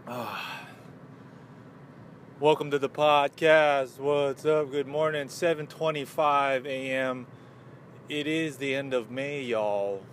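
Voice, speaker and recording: A man's voice: mid-range voice, fairly even intonation, slow, a little hiss or hum. A man hosting a casual morning podcast, winded, talking loosely with lots of fillers. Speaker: podcast host.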